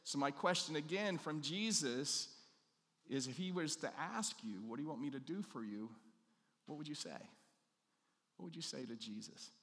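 A male pastor preaching a sermon, telling a story and acting out the quoted lines, dropping his voice low on the key questions. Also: animated, normal speed, a bit bright, in a large hall.

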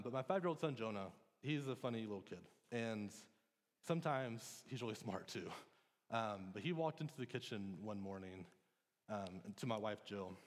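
A man in his thirties, a pastor giving a conversational, earnest sermon in church. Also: on the low side. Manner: conversational, earnest, with frequent restarts and ums. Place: church sanctuary. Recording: long reverb of a church hall.

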